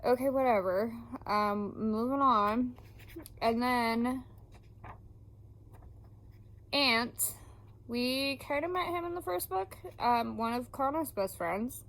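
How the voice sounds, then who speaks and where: A woman book vlogger ranting casually about her reading, swearing often and filling pauses with ums. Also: on the high side, a bit bright, poor audio.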